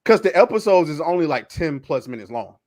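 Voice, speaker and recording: A man spins a story in loose podcast chat, his voice sitting a bit high. He acts out the characters with lots of animation and laughter. The sound is dry and close. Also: sing-song, brisk, darkish tone, dry recording. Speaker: podcast co-host.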